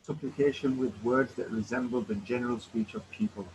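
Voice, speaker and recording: A man reading lines from a book aloud for the class in a plain, even way. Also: medium pitch, a little fast, slight background noise, rough recording. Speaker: student reading the text.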